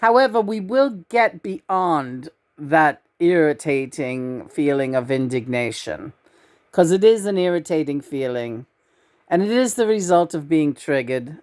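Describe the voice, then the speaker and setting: Brief: preachy departed male spirit, voiced by a woman in her own low voice, lecturing, soothing. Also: lively intonation, unhurried, a little mellow. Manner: lecturing, addresses the audience as folks.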